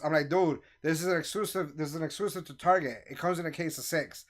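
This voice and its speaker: A man casually telling a story to friends, acting out the voices of the people in it with animated energy. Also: on the high side, fast talker. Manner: animated, acts out quoted voices.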